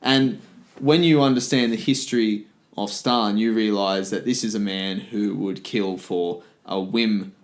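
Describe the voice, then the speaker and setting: A man's voice: lowish voice, fairly even intonation, a little slow. A man co-hosting a casual history podcast, dropping dry quips and explaining at length. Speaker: podcast co-host.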